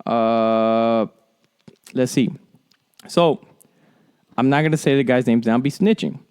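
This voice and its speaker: Man ranting profanely, smooth voice. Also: medium pitch, unhurried, a little mellow. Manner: profane, rambling and heated. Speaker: sports podcast host. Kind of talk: solo sports commentary rant.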